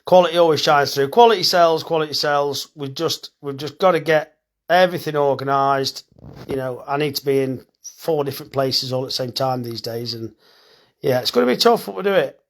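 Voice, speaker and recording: With a medium-pitched, fairly quick voice, a middle-aged man who farms and butchers talks bluntly and casually on a phone live stream. He reads out comments and drops the occasional swear word.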